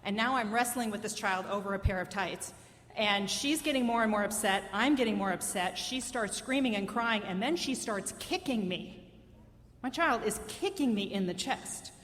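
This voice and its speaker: A woman's voice: mid-range voice, normal speed, fairly bright tone, in a large hall, slight background noise. A woman in her fifties telling a personal story live on stage, conversational, wry and self-mocking.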